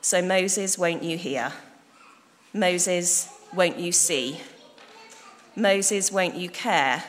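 God from a burning bush, read by a woman: solemn, pleading, slow, echoey hall. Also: on the low side. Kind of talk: storytelling in worship. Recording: echoey hall, faint noise.

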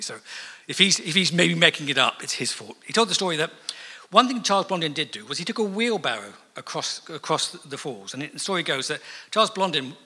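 A man preaches in a long-ringing church hall, his voice fairly high and bright. He talks conversationally, breaking into asides and acting out little quotes as he goes. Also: slightly rough. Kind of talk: sermon.

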